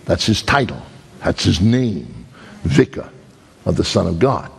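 A man with a Brooklyn accent preaches a sermon in a very animated way at a measured pace, his voice carrying vocal fry and a breathy edge. He tells stories and presses his points emphatically with dramatic pitch swings, all under a long hall reverb.

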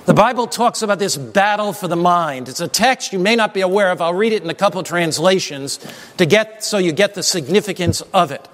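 A man's voice: sits high, brisk, a bit bright. A man preaching a sermon, emphatic and prompting the congregation to call back answers. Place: church sanctuary. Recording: long hall reverb.

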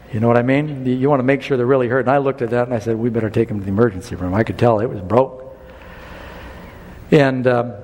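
A man preaching a sermon, telling a personal story in an animated way and building to emphatic appeals. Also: mid-range voice, big-room sound.

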